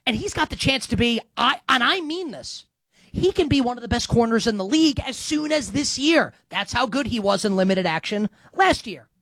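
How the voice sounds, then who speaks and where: Male sports talker, wry and swinging pitch, dry close sound. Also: moderate pace, no room sound. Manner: animated, sarcastic, breaks into sung bits. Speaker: football analyst. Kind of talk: solo sports commentary.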